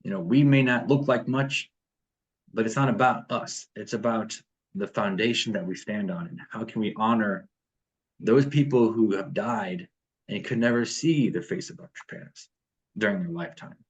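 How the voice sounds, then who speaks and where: A man's voice: lowish voice, normal speed, muffled recording. A man leading a morning devotion over a video call, reading passages aloud and then talking them through with fillers and restarts.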